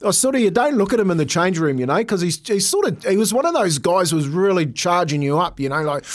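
A man's voice: sits high, lively intonation, quick pace, hardly any pauses. A middle-aged man, co-hosting a breakfast radio show in casual, laughing chat and telling stories. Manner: jokey, laughing storyteller.

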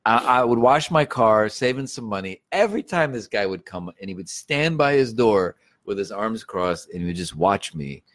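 A man telling a story in casual chat, animated and profane. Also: lowish voice, moderate pace, hardly any pauses.

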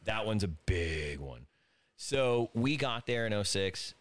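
A man's voice: lowish voice, very animated, slow, dry recording. A middle-aged man, a Marine veteran guest, telling war stories in a casual chat, self-mocking and laughing at himself.

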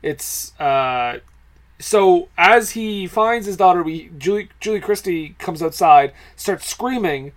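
A man's voice: high-pitched, animated, slow pace. A man co-hosting a casual film podcast, talking in a chatty, laughing way and often restarting his sentences. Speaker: podcast co-host.

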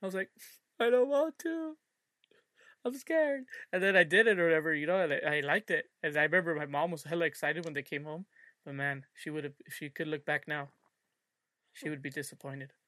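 A young man co-hosting a podcast, telling childhood stories in a casual, animated way and acting out the voices he quotes. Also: on the high side, fast talker, dry recording, clean studio sound. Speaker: podcast co-host. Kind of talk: casual chat.

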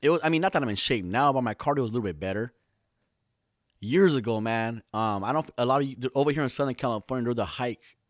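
A podcast host living in Southern California spins a comic story at a quick pace, rambling, swearing constantly, and restarting himself often. His voice sits in an ordinary middle pitch, recorded close and dry with no room echo.

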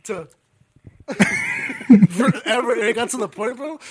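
A man's voice: very high voice, slow, crowd noise. A young man in casual chat, telling funny stories with lots of laughter and acting out his friends' voices.

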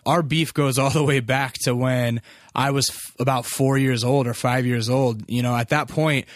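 A man's voice: medium pitch, steady tone, moderate pace, no echo. A man in his thirties telling a personal family story in a loose, candid, filler-heavy way, swearing freely. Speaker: vlogger.

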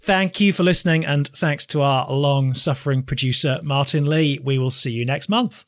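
A man's voice: fairly high pitch, normal speed, fairly bright tone, dry recording. A man from East Yorkshire, hosting a podcast and signing off with dry humour. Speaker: podcast host. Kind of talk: casual chat, show sign-off.

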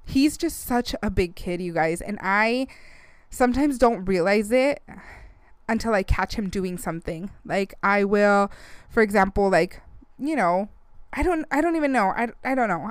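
A woman in her thirties hosts a casual podcast and talks with open feeling, near tears and chatty, dropping Spanish phrases in as she goes. Her voice is smooth and clear and sits at a middling pitch. It is recorded close and dry, with no room sound. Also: unhurried, no room sound. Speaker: podcast host. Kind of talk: casual chat.

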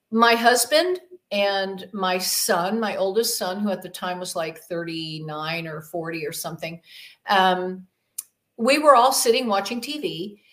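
Slow, rambling woman storyteller. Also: medium pitch, fairly bright tone. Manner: rambling, many fillers, acts out quoted voices. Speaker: podcast guest, demonologist. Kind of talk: telling a personal story in an interview.

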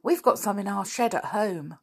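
A woman's voice: medium pitch, animated, normal speed, creaky, slightly rough, voice pushed up. A woman voicing a keen, clumsy schoolboy.

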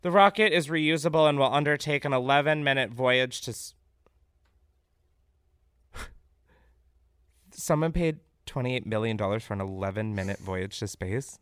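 A young man hosting a podcast talks at a moderate pace with frequent pauses, his medium-pitched voice clean in tone. He jokes sarcastically about the news, animated and freely profane, often laughing. The clean studio sound has no room noise.

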